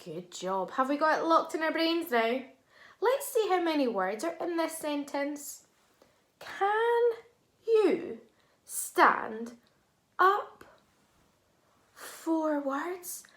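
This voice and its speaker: A woman teacher leading a phonics lesson for young children, sounding out words slowly and clearly. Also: sits high, very animated, roomy sound. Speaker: primary school teacher.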